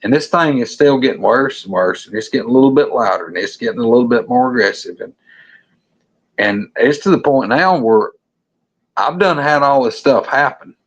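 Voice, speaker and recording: A Southern man with a drawl, spinning a story as a guest in a blunt, folksy and salty way, with a voice of ordinary middle pitch. He talks plainly and colorfully, swearing freely as he goes. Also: moderate pace, poor audio. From Alabama. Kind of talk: storytelling, recounting an encounter.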